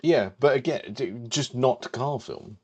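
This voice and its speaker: A man's voice: mid-range voice, unhurried, a little mellow, husky. A man co-hosting a podcast, dry and hesitant, reading out quiz statements. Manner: dry, hesitant with frequent ums. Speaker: podcast co-host. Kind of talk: casual chat, quiz host.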